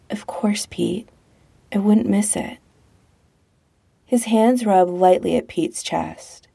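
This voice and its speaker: A woman narrating a romance story as an audiobook in a calm, measured way. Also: on the low side, creaky.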